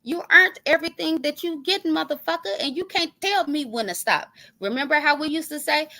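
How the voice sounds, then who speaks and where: A woman's voice: high-pitched, fairly quick, few pauses, pushed and bright. A woman, ranting on her stream in a profane, confrontational, sarcastic way. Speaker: online commentary streamer. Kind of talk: heated ranting callout monologue.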